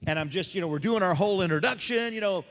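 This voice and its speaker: This high-pitched male voice moves fast as a convention panel guest, a voice actor, jokes through stories and answers the audience. He animatedly acts out quoted voices, and the stage room is reverberant.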